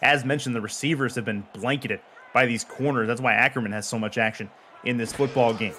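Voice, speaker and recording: A male play-by-play announcer calls a football sim game with quick, punchy play calls. He stays even between snaps and then shouts on big plays. A faint hiss of noise sits under his voice. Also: mid-range voice. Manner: calm play calling that jumps to excited shouting on big plays. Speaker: play-by-play commentator. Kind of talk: live sports play-by-play.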